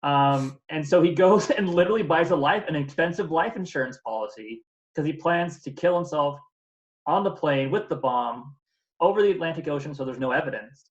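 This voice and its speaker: A man's voice: on the high side, animated, moderate pace, echoey room, highs cut off. A man co-hosting a casual movie review podcast, retelling scenes and acting out the characters' lines. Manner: chatty, retells scenes with little voices. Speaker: podcast co-host.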